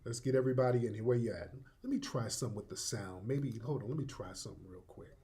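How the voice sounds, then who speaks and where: Male call-in host, combative, repetitive, mid pitch. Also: fast talker, hardly any pauses, mellow, a little hiss or hum. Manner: combative, repetitive, talks over callers. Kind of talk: live call-in audio room.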